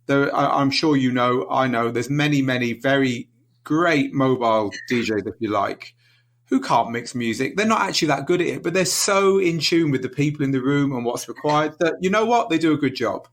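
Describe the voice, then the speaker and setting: A man's voice: medium pitch, moderate pace. A man hosting an interview, framing his questions thoughtfully while searching for words. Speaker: interview host. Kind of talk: casual interview.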